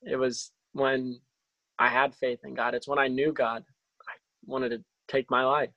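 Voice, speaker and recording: A young man sharing a personal faith testimony over a video call, halting, with many restarts and fillers. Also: medium pitch, fairly even intonation, creaky, bright, forceful tone, dry recording, dull audio. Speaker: testimony speaker.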